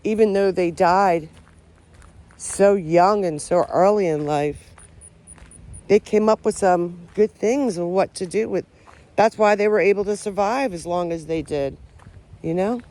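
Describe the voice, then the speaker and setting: A woman's voice: fairly low pitch, measured pace, darkish tone. A woman vlogging outdoors among trees, talking in a loose, rambling way that is often unsure of itself and full of restarted sentences. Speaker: paranormal vlogger. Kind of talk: casual rambling talk to camera.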